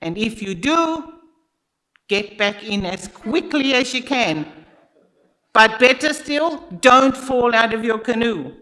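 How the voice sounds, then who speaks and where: A stern male river guide with an African accent barks out slow, weighty safety warnings, as a storyteller puts him on. His voice sits higher and louder than the teller's usual speech, with a sharp, bright edge. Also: lively intonation, low-quality recording. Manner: slow, loud and emphatic warnings.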